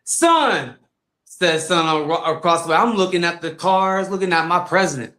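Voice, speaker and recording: Bright-voiced man telling stories, echoey room. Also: high-pitched, brisk. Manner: lively, comic, acts out voices. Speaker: fighter and guest. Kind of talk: animated storytelling on a podcast.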